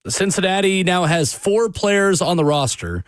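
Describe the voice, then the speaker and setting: A man's voice: high-pitched, expressive, measured pace, no echo. A man hosting sports radio talk, with a dry, sarcastic delivery.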